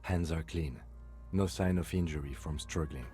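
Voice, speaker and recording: Kim Kitsuragi, calm lieutenant. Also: male voice, rumbling low, normal speed, soft background music. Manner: dry, methodical. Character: calm middle-aged male police lieutenant.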